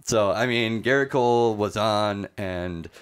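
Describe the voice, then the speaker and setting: A man's voice: lowish voice, measured pace, clear, resonant tone. A man co-hosting a casual sports podcast, recapping games in a chatty way with many fillers.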